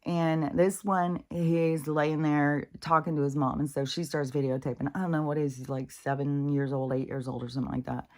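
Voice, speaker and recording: Woman, deep for her sex, casual exasperated vlog rant with swearing and halting restarts. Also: level tone, a little mellow. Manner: exasperated, swearing, mocking others in high put-on voices; halting restarts and repeated fillers. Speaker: spiritual vlogger.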